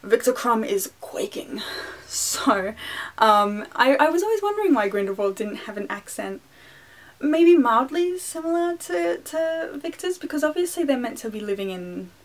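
A woman's voice: medium pitch, animated, normal speed. A young Australian woman chatting casually through an unboxing video, rambling with apologetic, self-deprecating asides. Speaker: wand collector and vlogger.

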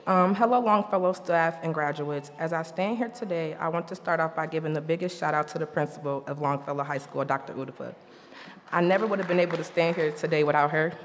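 A young woman, a graduating student, reading her graduation speech in a casual, emotional way with many pauses and ums. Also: low voice. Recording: reverberant hall with faint noise.

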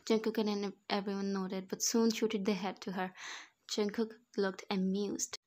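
A woman reads fan fiction aloud in a mid-pitched, nearly monotone voice. Her delivery is even and steady, with the odd stumble over a word. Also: unhurried, a little hiss or hum. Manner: even, monotone reading with small slips.

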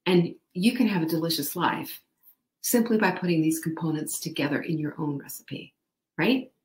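A woman's fairly low voice echoes around the room as she hosts a live online show. Her talk is upbeat motivational coaching, with viewers greeted by name.

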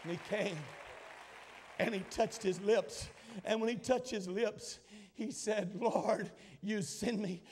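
A man in his sixties preaching a sermon as pastor, building his lines into dramatic shouted repetitions. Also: sits high, steady tone, takes it slowly, a faint crowd, a little hiss or hum. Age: 60s. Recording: long hall reverb.

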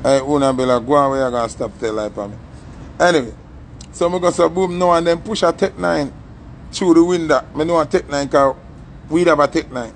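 A young man with a Jamaican accent telling a story in a casual, animated way and acting out the voices in it. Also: fairly high pitch, brisk, slight background noise. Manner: animated, acts out the story's voices, patois-heavy.

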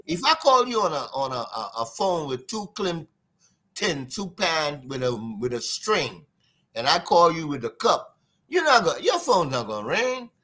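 A man with a Trinidadian accent, a guest drummer telling stories in an interview, lively and sing-song, imitating drum sounds. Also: a little high, moderate pace. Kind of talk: animated storytelling interview.

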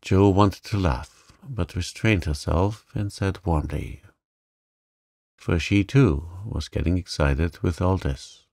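A man narrating a classic novel as a calm sleep story, in a soft, even way. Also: low-pitched, slow pace, gravelly, dry recording, studio quality.

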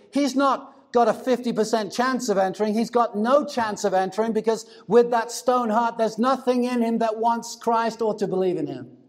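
A male pastor preaching a sermon, deliberate and emphatic, slowing down to stress key words. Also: sits high.

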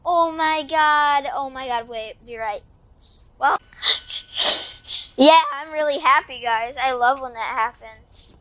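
A woman giving excitable, exclaiming, trash-talking commentary over her own gameplay, with noticeable background noise. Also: high-pitched, measured pace, pauses often, dull audio. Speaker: gamer.

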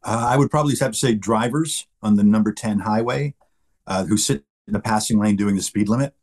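Brief: middle-aged male guest actor, husky low voice, easygoing anecdotal chat. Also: brisk, darkish tone. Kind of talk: casual interview chat.

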